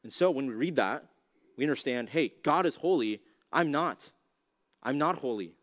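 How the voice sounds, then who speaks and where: Man, youth pastor, laid-back teaching talk, mid-pitched voice, lots of "like", rhetorical questions. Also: animated, normal speed, a bit bright. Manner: casual, conversational, heavy use of "like"; asks the audience rhetorical questions.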